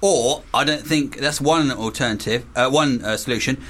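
A man, co-hosting a radio show with dry, deadpan jokes in a studio. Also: medium pitch, moderate pace. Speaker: radio co-host. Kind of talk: casual radio banter.

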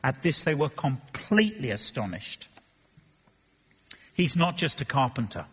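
A man preaching an expository sermon, animated, acting out voices and joking between readings. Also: medium pitch, a little slow, slightly rough. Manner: animated, acts out Bible voices and jokes. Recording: long reverb of a church hall.

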